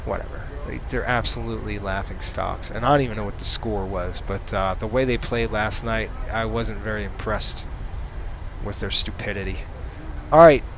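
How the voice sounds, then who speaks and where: A man's voice: on the low side, fairly even intonation, normal speed, gravelly, a little hiss or hum, low-quality recording. Guy narrating his flight sim run, chatty and sarcastic, reading off checklists. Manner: chatty, rants sarcastically between checklist callouts. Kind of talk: casual gameplay commentary.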